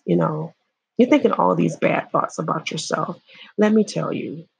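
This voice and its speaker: A woman from Illinois giving earnest personal testimony, halting and repeating herself as she speaks to viewers. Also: on the low side, gravelly, a little mellow, husky. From Illinois, USA. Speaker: survivor sharing her story.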